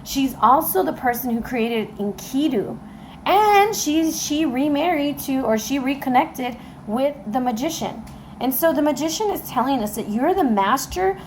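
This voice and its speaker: A woman giving a casual tarot reading to camera, excitable and emotional, talking straight to her viewers. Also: high voice, normal speed, slight background noise, low-quality recording. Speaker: tarot reader. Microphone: camera mic.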